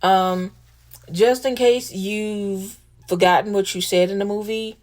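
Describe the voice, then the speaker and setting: A woman's voice: mid-range voice, fairly even intonation, takes it slowly, a little mellow. Emphatic woman talking from the heart. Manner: emotional, emphatic, repeats lines, swears casually. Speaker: host. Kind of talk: heartfelt casual monologue.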